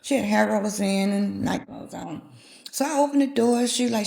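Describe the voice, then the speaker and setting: A woman's voice: medium pitch, fairly even intonation, moderate pace, creaky, a little mellow. A woman in her fifties, a guest telling a personal story and acting out the voices in it. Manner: vivid retelling, acting out quoted dialogue. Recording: echoey room.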